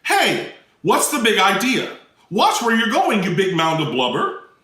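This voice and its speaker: A man playing an indignant puppet character, huffy and exclamatory, lively swooping pitch, bright edge, roomy sound from a distance. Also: measured pace, full character voice.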